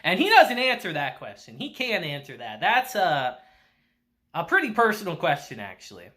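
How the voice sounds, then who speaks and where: A man recapping an anime episode in a loose, chatty way. His voice is bright and very animated, swinging up and down as he laughs along. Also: fairly high pitch, normal speed. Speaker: anime reviewer. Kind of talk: casual recap review.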